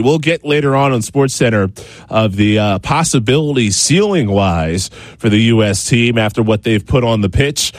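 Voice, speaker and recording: A man anchoring a sports news show, reading scripted segments in a brisk, measured way. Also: medium pitch, no echo.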